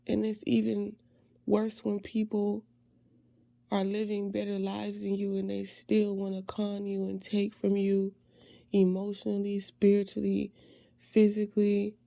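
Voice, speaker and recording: A woman pours out a personal, heartfelt monologue in a dark, mellow voice roughened with vocal fry. She speaks slowly and haltingly, letting phrases trail off softly. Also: mid-range voice, completely flat delivery, dry recording. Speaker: faith ministry creator.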